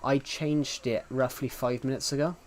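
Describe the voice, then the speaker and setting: A man's voice: mid-range voice, steady tone, normal speed, a little hiss or hum. Rambling Southwest English streamer man. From England. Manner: rambling, restarts sentences, chats to viewers. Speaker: live streamer. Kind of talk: casual live-stream chat while gaming.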